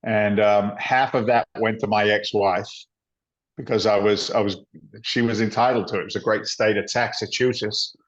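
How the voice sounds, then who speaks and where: A middle-aged man, a guest, telling his story in a blunt, animated way, sometimes acting out other people's lines. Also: lowish voice, normal speed. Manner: animated storyteller, acts out dialogue, blunt and salty. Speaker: guest, former firefighter turned real estate investor. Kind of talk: conversational storytelling. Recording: dull lo-fi audio.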